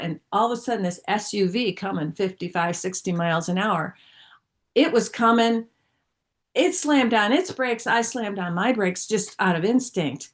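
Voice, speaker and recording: Earnest middle-aged woman telling her story. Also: mid-range voice. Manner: earnest, halting storyteller with restarts. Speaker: guest speaker sharing testimony. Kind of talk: personal testimony in an online group. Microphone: video call.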